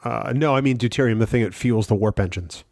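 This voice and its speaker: A man's voice: fairly low pitch, fast talker, darkish tone, dry recording, studio quality. A man co-hosting a casual podcast, thoughtful, explaining with everyday comparisons and frequent ums. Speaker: podcast co-host.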